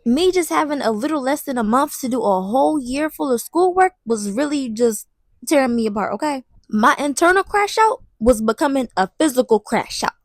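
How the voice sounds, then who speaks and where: A young woman with a high, bright voice spins a dramatic storytime, blunt and slangy, chatting to the viewer like a close friend. The sound is dry and close, with no room echo. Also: normal speed. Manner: animated and dramatic, talking straight to the viewer; slangy and blunt, with some swearing. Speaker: vlogger. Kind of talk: casual storytime.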